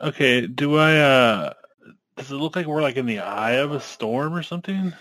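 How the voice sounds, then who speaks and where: A man's voice: mid-range voice, animated, moderate pace, fairly bright tone, no echo. Male tabletop player, dry close sound, joking asides. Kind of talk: tabletop role-play as a player.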